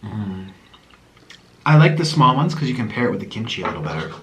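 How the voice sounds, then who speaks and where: A man's voice: on the low side, big pitch swings, fairly quick. A man hosting an eating show, chatting casually while he eats, laughing often and cooing at a pet. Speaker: mukbang host.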